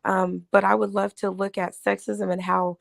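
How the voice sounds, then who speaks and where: A woman speaking as a guest on a panel, earnest, with a raspy voice from a cold. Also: medium pitch, level tone, normal speed. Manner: earnest, laughs between phrases. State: raspy voice from a respiratory illness. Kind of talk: casual panel discussion.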